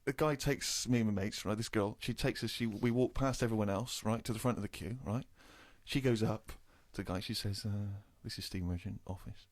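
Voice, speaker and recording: An English man in his thirties on a casual comedy podcast, telling an indignant anecdote with animated storytelling. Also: fairly low pitch, fairly quick, few pauses. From England.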